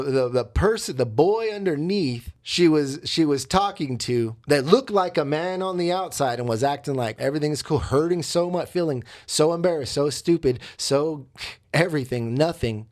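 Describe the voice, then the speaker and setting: A man's voice: on the high side, animated, normal speed, darkish tone. Man telling his own story, candid. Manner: candid, reflective, with many fillers. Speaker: podcast host and coach. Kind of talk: confessional storytelling.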